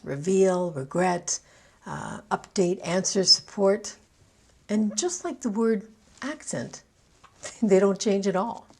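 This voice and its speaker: A woman with a Canadian accent coaching English pronunciation, speaking slowly and deliberately, with light laughs and words repeated to model their stress. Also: lowish voice, creaky, a little mellow, husky. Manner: light laughs between points. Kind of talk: scripted teaching monologue.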